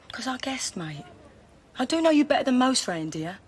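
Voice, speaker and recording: A woman's voice: high-pitched, very animated, normal speed, slight background noise. An actress playing a caring, down-to-earth friend in a 1980s TV soap, with a coaxing, motherly manner. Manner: coaxing, motherly, says mate. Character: caring, down-to-earth London friend giving advice.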